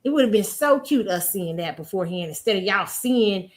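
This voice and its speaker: A woman hosting a casual pop culture commentary show, laughing often and ranting in a sassy, animated way. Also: mid-range voice, a little fast. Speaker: host.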